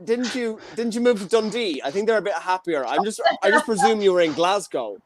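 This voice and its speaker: A man's voice: high-pitched, expressive, brisk. Teasing man hosting a comedy chat. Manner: teasing, swears freely. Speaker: host. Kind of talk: casual chat on a comedy show.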